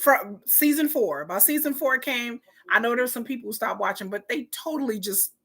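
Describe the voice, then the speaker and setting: Indoors at home, a live watch party streamer chats casually and reacts, frequently acting out lines from other people. Her voice is a little high and husky, fairly bright, with lively intonation at a normal speed.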